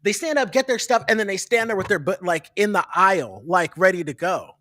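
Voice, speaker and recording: A talk show host in a casual chat, laughing, asking quick questions and ranting lightly. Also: medium pitch, animated, fairly bright tone, no echo, studio quality.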